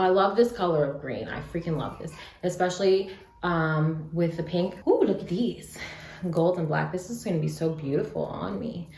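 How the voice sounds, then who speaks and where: Her voice is on the low side as this young woman vlogs from home, opening a package of beads. She sounds sad but chatty, working to stay upbeat while swinging toward excitement, peppering her talk with "like" and the occasional curse. Echo and faint noise fill the room.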